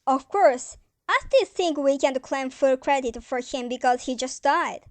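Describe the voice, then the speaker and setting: A young woman on stage playing a calm, sweet elderly aunt in amateur acting, speaking soothingly and calling others dear. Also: high-pitched, measured pace, dry recording. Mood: placid. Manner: soothing, gentle, says dear often.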